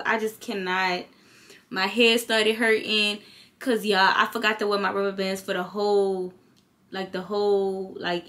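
Tired lady vlogging late at night, slangy and chatty, just talking to the camera. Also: medium pitch. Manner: chatty storytelling, slangy, animated when retelling.

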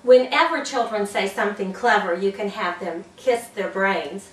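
A woman's voice: medium pitch, normal speed, reverberant, recorded from a distance, slight background noise, poor audio. A woman demonstrating classroom cheers for teachers, bouncy, with whoops and sound effects. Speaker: early childhood teacher trainer.

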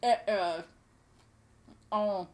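Excitable woman chatting while eating. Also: mid-range voice, very slow. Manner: excitable, gushing and rambling. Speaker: cooking show host. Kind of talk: casual chat to camera.

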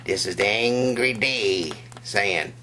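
A man doing a crude, profane stand-up set in a drawling, rough-edged way. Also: lowish voice, slow pace. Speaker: stand-up comedian. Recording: noisy live club recording.

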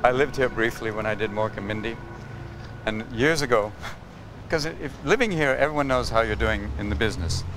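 A middle-aged actor and comedian in an interview, riffing rapid-fire with sudden voices and whispers. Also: male voice, fairly low pitch, lively intonation, noisy background. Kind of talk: interview with comic riffs.

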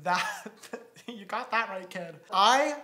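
A young man with a bright, lively voice mocks his old videos with sassy reactions. He is recorded in an echoey room. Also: high voice, takes it slowly. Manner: sassy, mocking, with lots of laughing. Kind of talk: reaction commentary.

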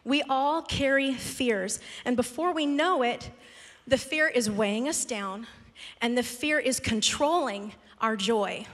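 A woman pastor telling a self-mocking story in a lively sermon. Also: on the high side, takes it slowly. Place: church sanctuary. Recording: large hall with long reverb.

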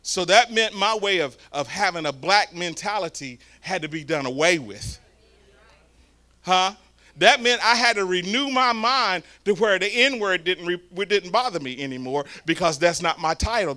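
A man preaching a storytelling sermon, swinging from hushed asides to loud shouts. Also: high-pitched, animated, moderate pace. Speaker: guest preacher. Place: church sanctuary.

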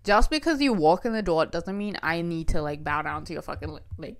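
A woman's voice: lowish voice, brisk. A young woman co-hosting a podcast in casual chat, throwing in blunt, profane quips. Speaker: podcast co-host.

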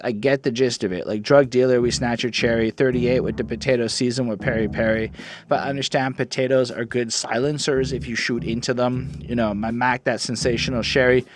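A man's voice: mid-range voice, fairly even intonation, a little fast, noisy background. A man hosting a podcast, giving a casual, enthusiastic track-by-track album review and swearing freely. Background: rap beat playing.

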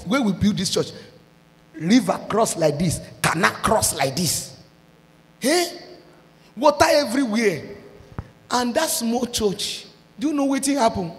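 A Nigerian woman pastor preaching a sermon, breaking into shouted and sung outbursts. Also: mid-range voice, very animated, unhurried, long pauses, big-room sound.

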